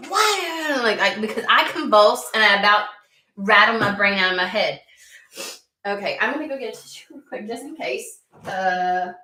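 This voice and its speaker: A woman's voice: medium pitch, pushed and bright. A woman from the United States, reading tarot and chatting casually, easily sidetracked, swearing now and then. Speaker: tarot reader. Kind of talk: rambling casual chat. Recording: echoey room.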